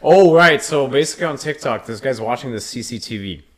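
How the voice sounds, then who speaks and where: A man's voice: medium pitch, expressive, brisk. Young male podcast co-host, loose profane storyteller, casual.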